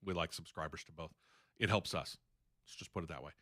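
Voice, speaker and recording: Man, radio host, studio, casual sports talk, opinionated, bright tone. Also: extremely low pitch, brisk. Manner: opinionated, chatty news rundown.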